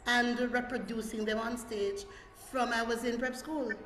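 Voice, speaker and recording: A woman on a panel telling stories in a lively, playful way, laughing as she talks. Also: fairly high pitch, moderate pace. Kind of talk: casual panel chat. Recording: roomy hall, faint background noise.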